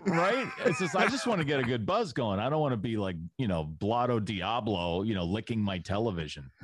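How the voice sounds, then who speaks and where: A man co-hosting a podcast, chiming in with wry, deadpan jokes during casual banter. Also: on the low side, fairly quick, background noise. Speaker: podcast co-host.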